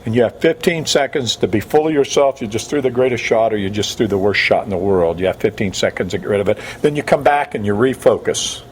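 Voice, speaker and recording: A man's voice: fairly low pitch, animated, quick pace, few pauses, slight background noise. A man coaching bowling technique, talking energetically and repeating key words for emphasis. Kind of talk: coaching instruction.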